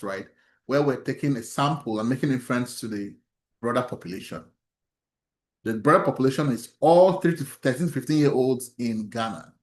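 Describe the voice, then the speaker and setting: A male instructor lecturing an online statistics workshop. He asks his students questions, laughs softly, and often restarts his sentences. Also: medium pitch, roomy sound.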